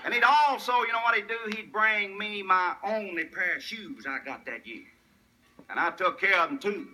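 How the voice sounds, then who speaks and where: Spinning humorous tall tales in his rural West Tennessee Southern drawl, an older storyteller laughs at his own jokes. His high voice is expressive, pushed and bright at a normal pace, and the low-quality recording carries a little hiss or hum.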